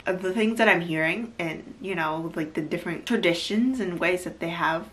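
A woman talks through a show recap in a loose, chatty way, leaning on "like" and breaking into easy laughter. Her voice sits a little low for a woman. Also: moderate pace, a bit bright. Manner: chatty, lots of "like", laughs easily. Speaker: YouTuber recapping a reality show. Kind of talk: casual recap chat.

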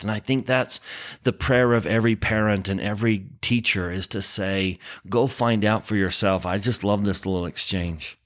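A man co-hosting a casual scripture discussion, reflective in tone, who reads verses aloud slowly. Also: fairly low pitch. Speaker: podcast co-host.

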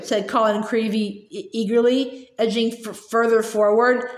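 Woman, amateur read-aloud of a novel; high voice, echoey room. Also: steady tone, normal speed, few pauses. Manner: unpolished reading with slips and restarts. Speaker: reader. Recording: roomy echo.

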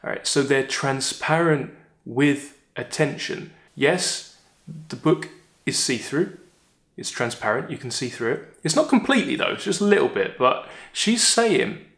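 A man teaching literature, talking through a poem in a chatty way, often checking in with "all right?" and reading quoted lines slowly. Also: fairly high pitch, reverberant. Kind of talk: poem analysis lesson.

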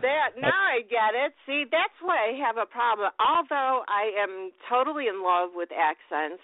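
A woman's voice: medium pitch, dry recording. Bubbly woman radio host, tinny sound. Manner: bubbly, laughs often. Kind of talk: casual radio interview.

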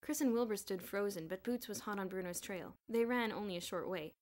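A woman reading a children's novel aloud in a clear, even storytelling manner. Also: mid-range voice, a little fast. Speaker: audiobook reader.

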